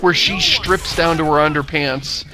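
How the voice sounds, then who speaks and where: A man's voice: on the high side, unhurried, over music. A man co-hosting a casual video game commentary, recapping the story in a wry, sardonic way. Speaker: co-host of a game commentary show. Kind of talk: casual gaming commentary chat.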